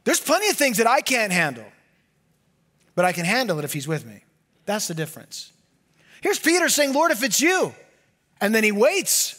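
A man preaching a sermon as pastor, animated and often dropping to a hushed low voice for emphasis. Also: moderate pace, pauses often.

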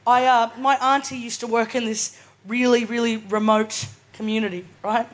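A woman's voice: on the high side, flat delivery, normal speed. A woman in her twenties with an Australian accent, performing chatty stand-up comedy at a live venue and laughing often as she tells her stories. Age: 20s. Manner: chatty, laughing storyteller, keeps asking "right?".

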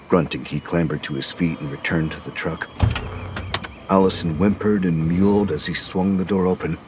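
A man narrates a horror audio drama in a measured, grave delivery. His voice sits very low. Faint background noise runs beneath it. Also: steady tone, a little mellow.

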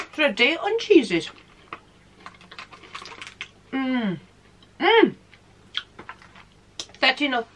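A woman chats to a camera set up in front of her at home, unboxing beauty products while snacking. Her voice sits a touch high, she laughs often, and a faint hiss runs under the recording. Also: a bit bright. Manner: chatty, laughs often, talks with food in mouth. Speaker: vlogger. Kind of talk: casual chat to camera.

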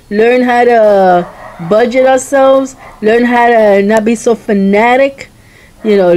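A woman speaks her mind in a vlog, her voice sitting a little high yet sounding mellow and warm. She talks with passion, plain and emphatic. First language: Spanish. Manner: impassioned, plain-spoken and emphatic. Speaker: vlogger. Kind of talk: opinionated vlog commentary.

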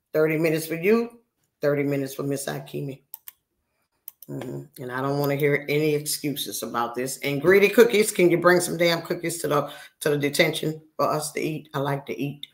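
A woman in her sixties chatting live with her viewers, brash, profane and teasing as she scolds them. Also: low voice. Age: 60s. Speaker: livestreamer. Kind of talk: casual live-stream chat with viewers. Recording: roomy echo.

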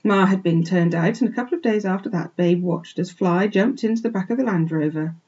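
Teacher lady reading a kids book out loud to her class, husky voice, muffled lo-fi sound. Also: medium pitch, fairly quick. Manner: expressive, stops to point out pictures. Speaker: primary school teacher. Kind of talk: reading a children's book aloud. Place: home, remote lesson.

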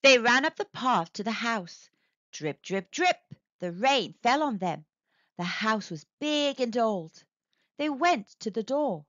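A woman reading a children's storybook aloud in a slow, expressive, sing-song way. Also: fairly high pitch, dry recording, highs cut off.

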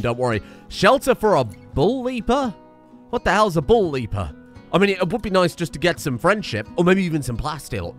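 A young man giving joking, animated commentary on a strategy game he plays, swearing freely. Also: medium pitch. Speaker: gaming YouTuber. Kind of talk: comedic let's-play commentary.

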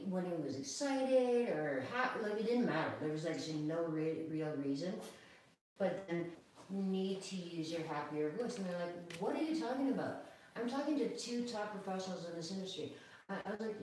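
Woman, dog groomer, live demo, calm and chatty, roomy echo, faint noise. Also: lowish voice, recorded from a distance. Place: grooming room, indoors. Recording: echoey room, away from the mic.

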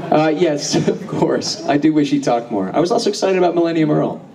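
A man's voice: on the high side, fairly quick, creaky, crowd noise. Laughing, swearing man on a convention panel. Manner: laughs often, swears freely, animated storytelling. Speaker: voice actor guest at a convention panel. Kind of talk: casual convention Q&A, profane and joking. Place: large convention hall with audience. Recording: distant mic in crowded hall.

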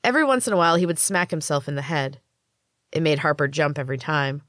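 A woman reads her own story aloud in a calm, measured narration. Her voice sits low. The recording is dry and close, with no room echo. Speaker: podcast host reading her own fiction. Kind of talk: audiobook-style story narration.

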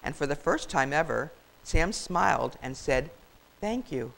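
An older woman reading a children's story aloud as a grandmotherly storyteller, in a warm, expressive way. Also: low voice, moderate pace, creaky, poor audio.

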